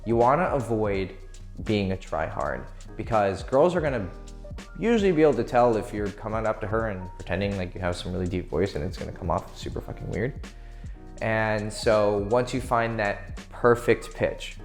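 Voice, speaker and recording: A man giving casual dating advice, loose and profane, laughing easily as he explains. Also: on the low side. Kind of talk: casual instructional talk.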